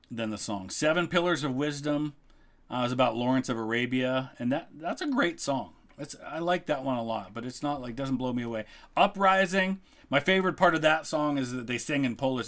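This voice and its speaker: A middle-aged man chatting casually as a history video host, relaxed and thinking aloud with frequent ums. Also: medium pitch. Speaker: history YouTuber, guest co-host. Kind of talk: casual ranking chat.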